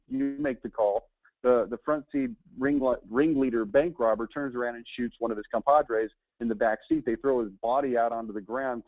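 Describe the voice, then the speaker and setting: A man's voice: mid-range voice, dry recording. Guy running a sales webinar, tinny phone-line sound, dry, rambly storytelling w lots of uh. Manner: storytelling, with fillers and restarts. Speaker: marketing trainer. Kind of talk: webinar lesson.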